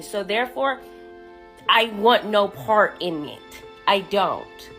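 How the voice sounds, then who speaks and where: A woman's voice: mid-range voice, lively intonation, slow, fairly bright tone. A woman recounts her story with blunt, sassy candor and plenty of swearing. Faint music plays behind her voice. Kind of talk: casual storytelling.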